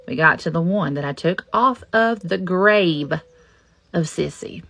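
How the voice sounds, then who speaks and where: Gravelly, bright-voiced woman. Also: sits low, a little slow. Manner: folksy, confiding, animated when quoting others. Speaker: storyteller. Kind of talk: casual personal storytelling to camera.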